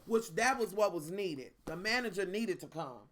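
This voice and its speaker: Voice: mid-range voice, lively intonation, normal speed, fairly bright tone. A vlogger, ranting in a sassy, profane way straight to the viewers in a casual storytime. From Kentucky.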